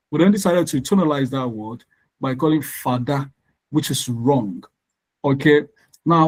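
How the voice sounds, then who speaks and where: A man, tutoring English in a live online lesson, explaining slowly and repeating words for emphasis. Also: on the high side, darkish tone, rough recording.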